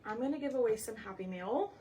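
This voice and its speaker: A woman's voice: a little high, expressive, quick pace, warm tone, a little hiss or hum. A woman hosting a live crafting tutorial, chatting with viewers by name and thinking aloud as she works. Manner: chatty, talks to viewers by name while working; thinks aloud, often trails off. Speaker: craft livestream host.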